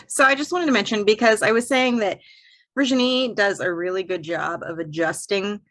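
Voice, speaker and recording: A woman's voice: medium pitch, moderate pace, a bit bright. A woman co-hosting a dance podcast, chatting about technique, laughing easily and searching for words. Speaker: dance instructor co-host. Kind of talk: casual technical chat.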